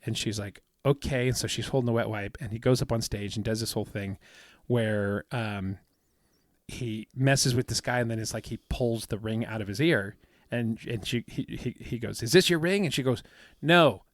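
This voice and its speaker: A man's voice: fairly low pitch, steady tone, normal speed, dry recording, studio quality. A man co-hosting a podcast, telling a long story in a rambling, casual way with many fillers and acted-out quotes. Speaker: podcast co-host. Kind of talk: casual chat.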